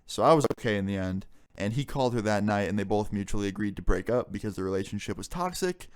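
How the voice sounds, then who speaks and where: A man's voice: lowish voice, expressive, fast talker, clean tone. A young man telling a story in a casual storytime vlog, exasperated and swearing freely as he goes. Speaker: vlogger.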